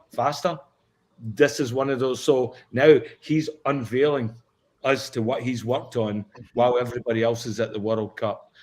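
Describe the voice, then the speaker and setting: Eager man, mid-pitched voice. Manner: eager, rattles off questions. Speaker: podcast co-host. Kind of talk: casual football chat.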